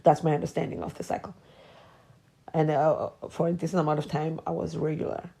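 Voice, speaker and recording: A woman's voice: low voice, flat delivery, brisk, vocal fry, mellow, slightly rough. A woman in her forties hosting a podcast, talking through personal memories in a hesitant, reflective way that sometimes drops to a whisper. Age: 40s. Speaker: podcast host.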